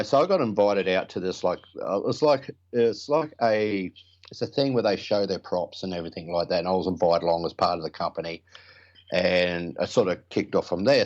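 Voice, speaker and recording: A man's voice: low-pitched, highs cut off. A middle-aged man telling rambling, blokey stories as an interview guest, swearing casually. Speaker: prop builder guest.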